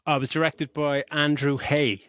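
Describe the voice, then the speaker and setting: Excitable man with a dry, close sound. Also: on the high side, normal speed, dry recording. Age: middle-aged. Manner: enthusiastic, swears freely, full of restarts; emotional when retelling scenes. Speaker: podcast co-host. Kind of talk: casual film review chat.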